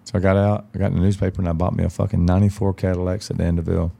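A man with a very low, gravelly voice telling stories as a podcast guest. His tone is dark and heavy, and he swears freely and bluntly. He slips into the voices of the people in his stories. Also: level tone, very fast. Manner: profane, blunt, acts out quoted dialogue. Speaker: podcast guest, country singer. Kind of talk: casual storytelling chat.

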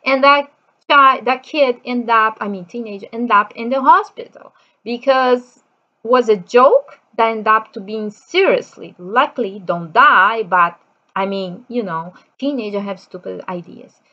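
A woman talking casually about her teenage daughter, in non-native English, animated and acting out her children's shouting. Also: fairly high pitch, a little slow, muffled recording. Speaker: parent of a teenager. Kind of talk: casual chat.

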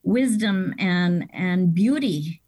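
An earnest woman speaks with enthusiasm as a guest in a relaxed interview. Her voice sits a little low and sounds close and dry, with no room around it. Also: slow pace, breathy edge, no room sound. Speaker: guest, seminary staff member. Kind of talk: casual interview talk.

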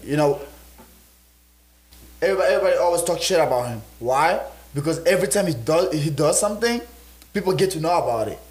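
A young adult man telling stories in casual podcast chat, excitable and profane, acting out what people said. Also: a little high, fast talker, pauses often. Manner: excitable, profane slang, acts out quotes. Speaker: podcast co-host. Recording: echoey room.

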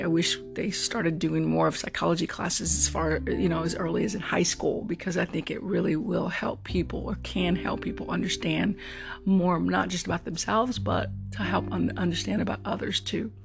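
Gravelly-voiced podcaster in their forties. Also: mid-range voice, steady tone, brisk. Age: 40s. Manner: earnest, meandering storytelling. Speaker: podcast host. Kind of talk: casual solo podcast monologue. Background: guitar music.

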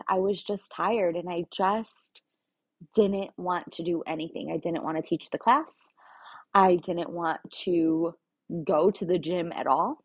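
A woman talking frankly in a casual personal monologue, confessional and plain-spoken, with the odd swear word. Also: lowish voice. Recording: dull lo-fi recording.

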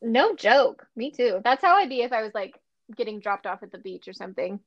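A woman's voice: fairly high pitch, a little fast, dry recording, muffled recording. A woman in her thirties from Western Nebraska, co-hosting a podcast and telling stories with lots of giggles. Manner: giggly, animated storytelling. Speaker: podcast co-host. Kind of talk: casual chat.

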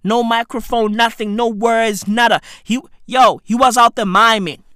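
A woman's voice: fairly high pitch, steady tone, moderate pace, fairly bright tone, no echo, clean studio sound. A woman hosting a show, ranting with heavy swearing, exasperated and stammering through restarts. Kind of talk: profane comedic rant.

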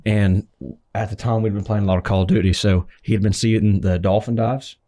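A young man with a fairly low voice hosts a relaxed conversation. He tells his stories with energy and keeps the talk moving along. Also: a little fast. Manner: animated storyteller. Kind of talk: casual chat.

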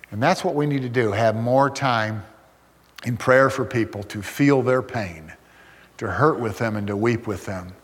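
Older male pastor, earnest storytelling sermon, mid-pitched voice, long hall reverb. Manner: earnest, storytelling, with emphatic repetition.

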